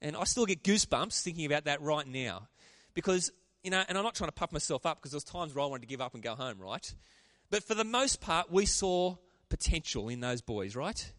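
A man preaching a sermon, animated and calling out to the congregation for responses. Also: on the high side, brisk, hardly any pauses, no room sound, studio quality. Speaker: pastor.

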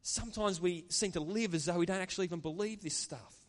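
A man's voice: high voice, quick pace, in a large hall. A man preaching a sermon as pastor, earnest and conversational, with chatty asides to the congregation. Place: church.

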